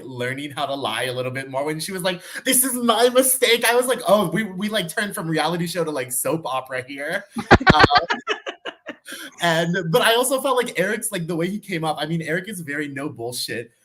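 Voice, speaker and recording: A man's voice: a little high, sharp tone. A man guest on a live discussion show, chatty and giggling through his points. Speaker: guest panelist. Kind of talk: casual podcast chat.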